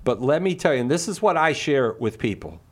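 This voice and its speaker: A man's voice: medium pitch, big pitch swings, brisk. A middle-aged man telling a personal story and arguing a moral point, earnest and passionate, often repeating words when stirred. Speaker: Catholic speaker.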